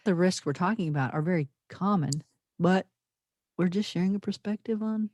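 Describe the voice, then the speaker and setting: Earnest woman podcaster, low and dry. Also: normal speed, a little mellow, no room sound. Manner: earnest, thoughtful, emphatic. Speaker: podcast co-host. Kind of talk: reflective podcast conversation.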